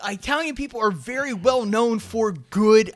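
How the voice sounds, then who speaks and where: High-pitched man who stammers while chatting. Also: normal speed, dry recording. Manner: stammering, repeats words before getting going. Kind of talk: casual chat.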